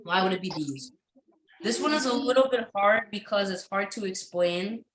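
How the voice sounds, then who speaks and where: A woman's voice: medium pitch, normal speed, fairly bright tone, reverberant, rough recording. A woman teaching an English lesson to a class, patient and encouraging, with frequent ums and uhs as she explains.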